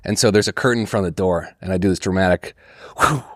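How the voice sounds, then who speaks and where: Low-voiced young man telling a story. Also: quick pace, no room sound, studio quality. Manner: animated, swears a lot, acts out quotes. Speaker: comedian podcast co-host. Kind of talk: casual storytelling chat.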